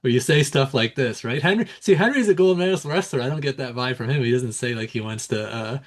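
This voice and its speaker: A man's voice: mid-range voice, quick pace. A man co-hosting a sports podcast in casual chat, laid-back, chuckling between points. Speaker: podcast co-host.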